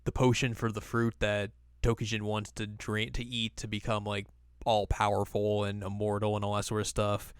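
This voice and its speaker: A man's voice: on the low side, completely flat delivery, clean tone, no echo, studio quality. A young man co-hosting a podcast, casually recapping an anime episode in a rambling, jokey way. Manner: rambling, jokey retelling with quick put-on voices. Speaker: podcast co-host.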